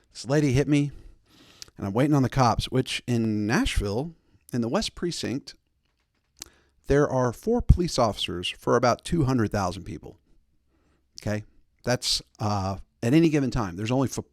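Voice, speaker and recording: A man in his thirties hosts a show in a comic monologue, rambling from the story into side remarks and back. His voice sits at an ordinary pitch for a man. The sound is close and dry, with no room around it. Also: no room sound. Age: 30s. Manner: rambling, digressive storytelling with asides. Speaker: host.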